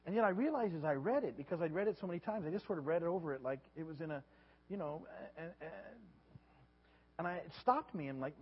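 Husky pastor guy preaching, a bit high, lots of stammered repeats, long echo in a hall. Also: quick pace. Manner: animated, repeats words, acts out disciples' voices. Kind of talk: sermon. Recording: dull lo-fi sound with long hall reverb.

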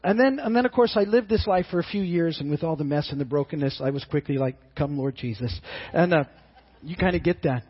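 Earnest husky pastor preaching, halting restarts. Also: male voice, on the high side, muffled recording. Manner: earnest, halting with frequent repeated words. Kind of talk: sermon.

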